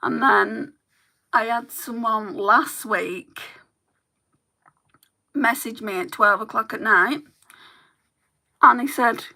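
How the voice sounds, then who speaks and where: Bright, gravelly woman chatting. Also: fairly high pitch, slow, pauses often. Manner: chatty, candid storytelling with laughs. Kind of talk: casual chat while doing makeup.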